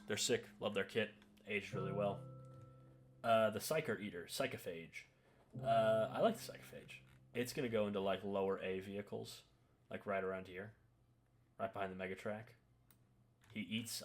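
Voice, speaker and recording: A man giving relaxed, offhand commentary while ranking miniatures, often saying "uh" and "eh". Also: fairly low pitch. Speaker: hobby video creator. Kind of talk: casual tier-list commentary.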